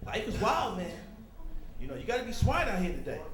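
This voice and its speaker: A man doing a stand-up comedy routine on a club stage, teasing the audience and jumping into quick character voices. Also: sits high, sing-song. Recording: echoey club with crowd laughter.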